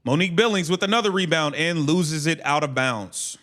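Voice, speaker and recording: A man with a high, light voice calls the action on his livestream. He fires off quick, clipped play calls, then turns brash and mocking, swearing and laughing at the players. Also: a bit bright. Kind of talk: casual play-by-play commentary.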